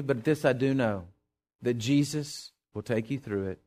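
A middle-aged man, a pastor preaching a sermon and telling a personal story in a folksy, animated way. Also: mid-range voice, unhurried.

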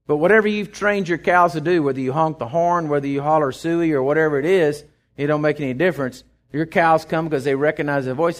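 A middle-aged man with a Texan accent, preaching a sermon in a folksy storytelling way, swinging from loud to hushed. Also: on the high side. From Texas. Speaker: pastor.

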